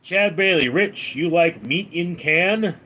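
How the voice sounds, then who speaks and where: A man live-streaming, who reads viewers' comments aloud and answers each one dryly. He talks at an unhurried pace, and his fairly high voice rises and falls a lot. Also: animated, pushed and bright. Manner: reads out viewer names and questions, then answers them dryly. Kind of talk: casual live-stream chat.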